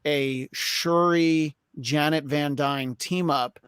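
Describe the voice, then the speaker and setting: A man joining a podcast chat, delivering sarcastic jokes deadpan. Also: on the high side, slow pace, clear, resonant tone, no echo, clean studio sound. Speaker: podcast panelist. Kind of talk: casual chat.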